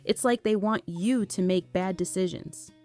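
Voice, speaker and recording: Woman doing a worried nagging mom, overprotective, middle-aged, audiobook, soft guitar behind. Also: medium pitch, normal speed, natural voice.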